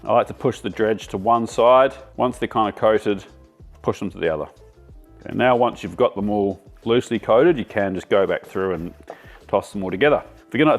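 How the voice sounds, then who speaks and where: An Australian man hosting a casual cooking demonstration, chatty and enthusiastic as he talks while he cooks. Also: lowish voice. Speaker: cooking show host.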